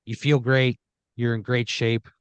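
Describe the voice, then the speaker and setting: A man's voice: mid-range voice, little pitch movement, a little slow, smooth, no room sound. Man improvising horror comedy, dry sound. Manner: second-person narration with frequent "like" fillers. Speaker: podcast host, storyteller.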